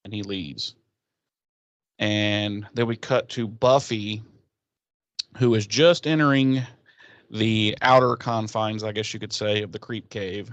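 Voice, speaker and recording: A man with a lowish voice talks through an episode in a loose, rambling way, dropping fillers and the odd curse. The sound is dry and close, with no room around him. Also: slow pace, long pauses, no echo. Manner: loose, profane retelling with many fillers. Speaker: podcast co-host. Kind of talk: casual episode recap chat.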